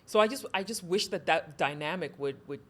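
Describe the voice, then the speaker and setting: A woman born in Ghana hosting an interview, talking in an animated, storytelling way. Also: sits low, fairly quick. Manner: animated, storytelling, rising emphasis. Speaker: host. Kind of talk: casual interview chat.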